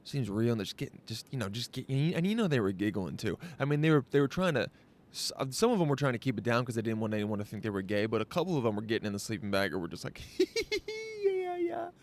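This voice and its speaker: A man's voice: lowish voice, lively intonation, rapid-fire. A man hosting his own show, talking outdoors in a rambling, jokey, self-interrupting monologue. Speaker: podcast host. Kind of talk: casual vlog monologue.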